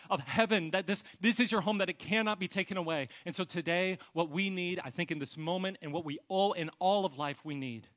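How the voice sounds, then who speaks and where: A male pastor preaching a sermon with earnest personal storytelling, often trailing off into a soft, low voice.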